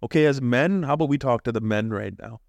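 A young Canadian man co-hosting a podcast, talking with passion and preaching hard, swearing freely and jumping to high emphatic peaks. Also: fast talker, vocal fry, no room sound. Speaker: podcast co-host. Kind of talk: casual podcast chat.

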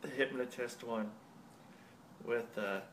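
A man's voice: mid-range voice, fairly even intonation, slow pace, a little hiss or hum. A man hosting a podcast in casual chat, laid-back and slangy, swearing freely. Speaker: podcast host.

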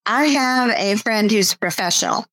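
A woman author reads a passage from her own novel, steady and measured. Her voice is mid-pitched, and the sound is dry and close. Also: dry recording, low-quality recording. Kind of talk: reading her novel aloud.

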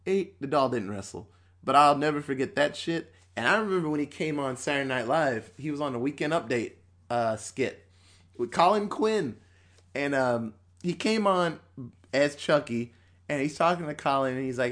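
A man in his thirties, a podcast host, chatting casually and profanely, acting out bits in quick voices. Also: a little high, expressive, fairly bright tone. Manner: loose and profane, acts out quotes. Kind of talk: casual chat.

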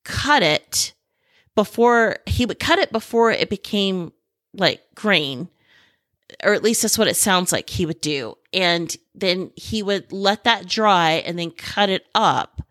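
A middle-aged woman hosts a podcast in an unhurried, drawn-out way, recorded close and dry with no room sound. She rambles with excitement, restarting her sentences as she goes. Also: mid-range voice, dry recording. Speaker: podcast host. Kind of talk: casual podcast talk.

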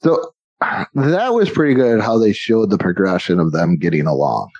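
A man's voice: fairly low pitch, expressive, normal speed, darkish tone, husky, no echo, lo-fi sound. A man co-hosting a casual chat about a movie, laughing often and acting out quotes. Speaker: podcast co-host.

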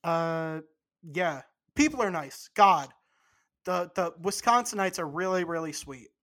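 Speaking unhurriedly at a mid-level pitch, this podcast co-host drifts through easygoing, unplanned conversation with casual swearing.

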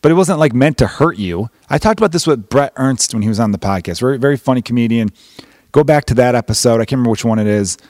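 A man's voice: medium pitch, lively intonation, quick pace, darkish tone, dry recording, studio quality. A man hosting a podcast, rambling through a casual comedic monologue with plenty of swearing. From Chicago. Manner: rambling, profane, jokey. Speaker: podcast host.

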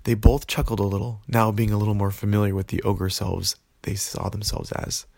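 A man narrating a children's fantasy story in a gentle, unhurried way. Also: lowish voice, level tone, creaky, dry recording.

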